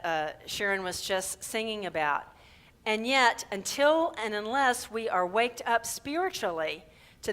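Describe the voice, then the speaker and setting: A woman minister giving a conversational sermon at a church service. She keeps checking in with listeners with "right?" and leads slow, drawn-out group affirmations. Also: mid-range voice, bright, forceful tone.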